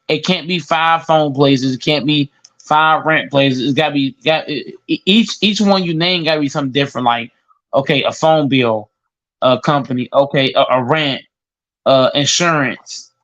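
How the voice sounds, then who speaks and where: A man's voice: on the high side, moderate pace, a bit bright. A man in casual podcast chat who stammers and repeats words as he talks. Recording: dull lo-fi recording.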